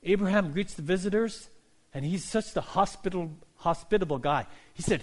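A male pastor preaching a sermon, telling stories in an animated way and acting out characters. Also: high voice, normal speed. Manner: animated storytelling, voicing characters.

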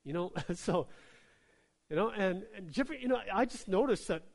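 A pastor preaching a sermon in a conversational way, often checking in with the listeners and dropping soft and slow on key lines. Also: male voice, high-pitched, expressive. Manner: conversational preaching with many tag questions.

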